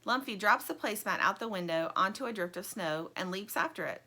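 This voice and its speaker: A woman reading a children's story aloud in an expressive, animated way. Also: mid-range voice, brisk.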